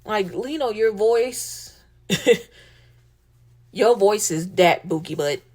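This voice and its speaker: A woman's voice: medium pitch, animated, slow, darkish tone. Emphatic woman talking from the heart. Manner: emotional, emphatic, repeats lines, swears casually. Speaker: host. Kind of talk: heartfelt casual monologue.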